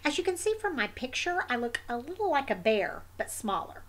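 A woman reading a picture book aloud in the voice of a sleepy, stubborn wombat, in terse, deadpan diary entries. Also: on the high side, fairly quick, a little hiss or hum.

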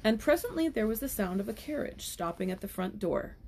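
A woman's voice: mid-range voice, expressive, a little fast, vocal fry, darkish tone, slight background noise. A young woman reading a children's novel aloud as a storyteller, with casual asides between passages.

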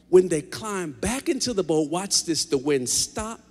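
A man preaching a lively sermon as pastor, joking with the congregation in a large church. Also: sits high, a little slow, some chatter behind. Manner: animated preaching, jokes with the congregation. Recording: long hall reverb.

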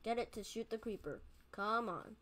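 A woman's voice: on the high side, lively intonation, moderate pace, very noisy. A woman giving let's play commentary on her game, panicky, often shrieking and talking to the creatures on screen. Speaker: gameplay commentator. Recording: loud game sounds under the voice. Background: game music and effects.

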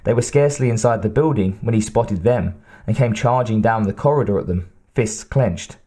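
Mellow-voiced male audiobook narrator. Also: lowish voice, normal speed, breathy edge. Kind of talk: scripted narration.

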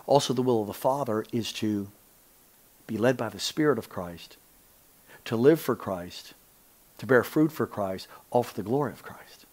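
A man teaching on scripture in an animated preaching style. He talks emphatically, often asks his listeners whether they see his point, and drops to a hushed voice to stress a line. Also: medium pitch, normal speed. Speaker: Bible teacher.

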